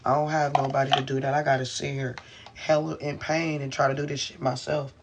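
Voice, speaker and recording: A man's voice: mid-range voice, flat delivery, brisk, lo-fi sound, a little hiss or hum. A man venting into his camera in a rambling, profane, frustrated way while in pain, speaking from inside a car. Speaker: vlogger.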